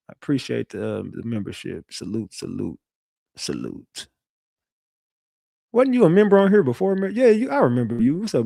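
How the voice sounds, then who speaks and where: A man's voice: medium pitch, vocal fry, warm tone, no echo, studio quality. A man hosting a casual livestream, brash and trash-talking, who laughs often and reacts to chat messages. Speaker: livestream host.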